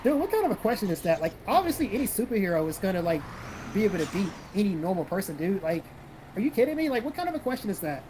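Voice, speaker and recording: A man's voice: sits high, very animated, very fast, darkish tone, a little hiss or hum, low-quality recording. A man from South Carolina hosting a casual livestream, reading viewer comments aloud and answering them bluntly with plenty of swearing. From South Carolina, American South. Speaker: livestream host reading chat.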